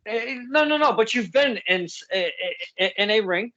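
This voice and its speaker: A man's voice: sits high, lively intonation, normal speed, pushed and bright. Stammering man telling wrestling stories. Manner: rambling, stammers and restarts, laughs while telling stories. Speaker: podcast host and local wrestling ring announcer. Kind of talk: casual interview chat. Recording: slightly dull lo-fi sound.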